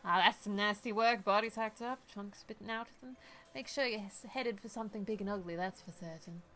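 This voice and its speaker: A woman's voice: medium pitch, a little fast, bright, forceful tone, close to an everyday voice. A woman voicing a tough, brash female mercenary with a shotgun, putting on a swaggering, blunt accent. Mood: breezy.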